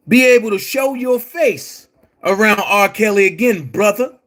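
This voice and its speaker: Slow, heated high-voiced man. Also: expressive, fairly bright tone. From Baltimore. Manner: confrontational, repetitive, calls listeners brother. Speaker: online commentator. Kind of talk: heated monologue to camera.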